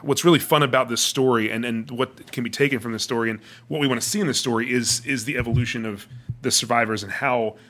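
A man's voice: medium pitch, fairly even intonation, fast, a bit bright. A man in casual chat, talking through his ideas and often repeating words while thinking.

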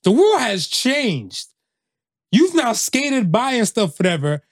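A man's voice: extremely high pitch, sing-song, takes it slowly, dry recording, studio quality. A man from Canada co-hosting a podcast in casual chat, slangy and rambling with lots of fillers and restarts. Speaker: podcast co-host.

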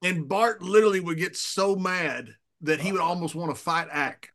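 A man's voice: sits high, normal speed, noisy background. A man co-hosting a podcast, telling stories in a casual chat and laughing often. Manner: laughs often, animated storytelling. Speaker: podcast co-host.

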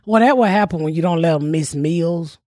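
A woman, telling stories in a brash, profane, animated way. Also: fairly low pitch, brisk, no echo, studio quality. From United States. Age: older. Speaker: podcast host. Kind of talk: casual comedic storytelling.

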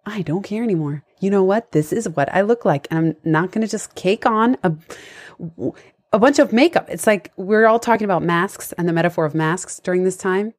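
A woman's voice: medium pitch, fairly quick. A woman who works as a life coach, hosting a conversational interview over a video call and talking in an enthusiastic, reflective way.

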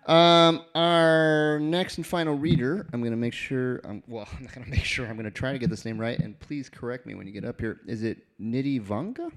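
A man's voice: mid-range voice, brisk, hardly any pauses. A man hosting a live reading night, introducing readers in a loose, chatty way and laughing easily. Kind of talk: emcee patter.

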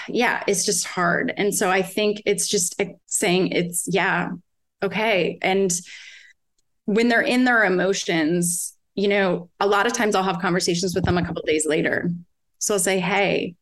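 A woman's voice: fairly low pitch, fairly bright tone. A woman in her forties, a guest on a podcast interview, talking candidly about raising her kids, often laughing and quoting what she tells them. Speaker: guest, parent of several children.

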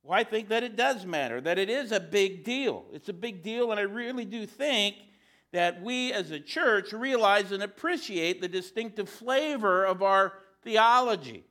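A male preacher with a high, bright voice delivers a sermon. He keeps it conversational and drops in joking asides. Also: animated, moderate pace.

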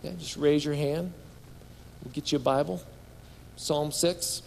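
A man's voice: fairly high pitch, fairly even intonation, measured pace, creaky, a little hiss or hum. A man preaching a sermon as pastor, reading scripture aloud with building fervor and leading the congregation in call-and-response. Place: large hall or church. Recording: long hall reverb.

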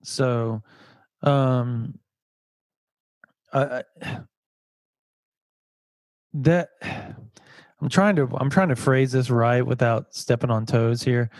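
A man's voice: mid-range voice, fairly even intonation, extremely slow, long pauses, darkish tone, dry recording. A man hosting a casual sports podcast, chatty and often repeating words as he laughs his way through a point. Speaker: podcast host.

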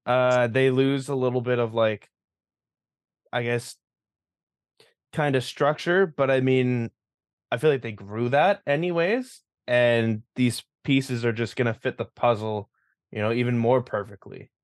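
A man's voice: mid-range voice, unhurried, dry recording, studio quality. A young man on a casual sports chat panel, talking in a laid-back, hesitant way with fillers. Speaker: podcast panelist.

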